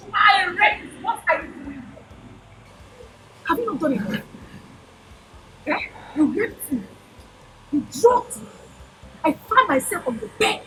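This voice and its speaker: A woman's voice: extremely high pitch, slight background noise, heavily acted, low-quality recording. An actress with a Nigerian accent playing a distraught young woman who has lost her memory, frantic and accusing. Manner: frantic, accusing, often shouting. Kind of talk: Nollywood film acting.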